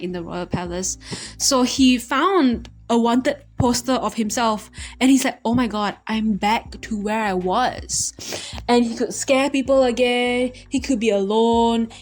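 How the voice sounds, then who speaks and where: A young woman recapping movies from memory in a rambling, animated way full of fillers. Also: on the high side. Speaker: vlogger.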